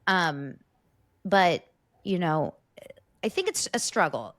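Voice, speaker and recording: A woman co-hosting a podcast in casual chat, rambling and halting with frequent restarts. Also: lowish voice, sing-song. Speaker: podcast co-host.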